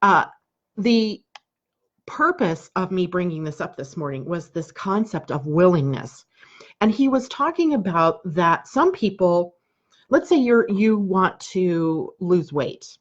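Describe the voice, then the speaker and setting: A woman's voice: fairly low pitch, lively intonation, takes it slowly. Chatty American woman astrologer, lo-fi sound. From United States. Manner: chatty, conversational, asks rhetorical questions. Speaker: astrologer and show host. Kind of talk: live daily astrology broadcast.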